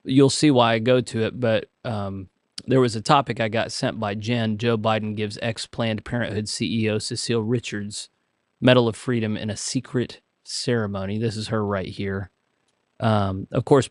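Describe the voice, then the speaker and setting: A man's voice: fairly low pitch, no echo. Man reading and commenting on a livestream. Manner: reads items aloud then comments with dry humor; frequent hesitations and fillers. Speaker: livestream host.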